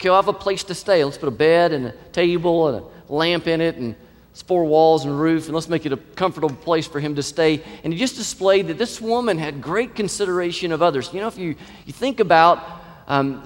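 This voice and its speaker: A middle-aged male pastor delivering a sermon with earnest, building emphasis and frequent repeated phrases. His voice sits a little high for a man. It rings with the long reverb of a big church hall.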